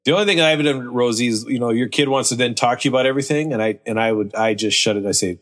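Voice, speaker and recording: A man's voice: mid-range voice, fast, few pauses, fairly bright tone. A man on a podcast talking bluntly and matter-of-factly in a casual chat about parenting. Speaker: podcast co-host.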